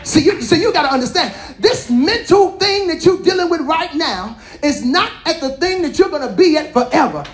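A woman's voice: sits high, lively intonation, normal speed, hardly any pauses, soft background music. A woman apostle preaching a sermon, emphatic and colloquial, speaking straight to her congregation.

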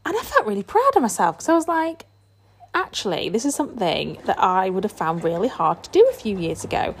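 A woman's voice: medium pitch, sing-song, fairly quick, slightly rough. A woman in her thirties, hosting a casual solo podcast from home with a chatty, candid manner and lots of fillers. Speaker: podcast host. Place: home, feeding a baby. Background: household sounds, washing machine.

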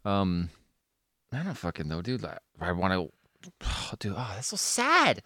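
A man's voice: sits low, huge pitch swings, measured pace, sharp tone, no echo, clean studio sound. A young Canadian man co-hosting a podcast, joking around in casual chat, swearing casually and laughing often. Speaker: podcast co-host.

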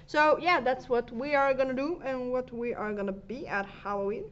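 A woman's voice: high-pitched, moderate pace. A young woman chatting casually with a friend, giggly and rambling, often restarting her sentences. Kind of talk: casual chat. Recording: dull lo-fi sound with faint background noise.

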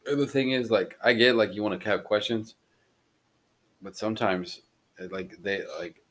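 A man with a fairly low voice, co-hosting a casual podcast about school life. He rambles through his points with plenty of fillers, and his asides come out wry. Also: fairly even intonation, normal speed, fairly bright tone. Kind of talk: casual chat.

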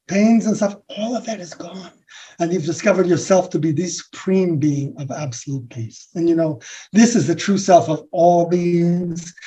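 A man from the USA, speaking as a guest in a reflective spiritual conversation, rambling softly with many restarts and fillers. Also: sits high. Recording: dull lo-fi recording.

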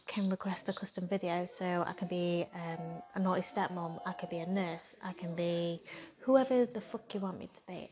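A woman in her 30s, a content creator, delivers a frank, casual monologue in a medium-pitched, slightly mellow voice. She is blunt and defiant, swearing heavily throughout.

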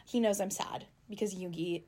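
A young woman talks casually as a podcast co-host, chatty and full of fillers. She tells a story and acts out the quoted lines as she goes. Her pitch sits in the middle. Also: fairly even intonation, normal speed, warm tone. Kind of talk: casual chat, telling a fan-fiction story.

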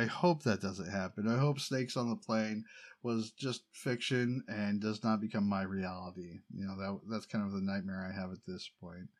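A middle-aged man from the United States in a casual personal monologue, rambling and wryly complaining. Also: fairly low pitch. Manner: rambling, wry, exasperated complaining with laughs.

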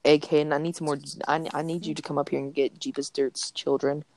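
A man's voice: on the high side, flat delivery, a little fast, crowd noise. A young man co-hosting a gaming podcast, chatting casually and joking around while he plays. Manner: goofy, joking, rambling. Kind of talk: casual gameplay chat.

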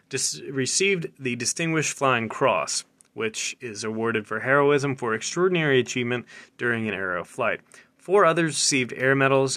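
A man's voice: medium pitch, pushed and bright. A man hosting a casual military news show, reading items aloud with loose, chatty commentary, stumbling over words and breaking into laughter as he reads.

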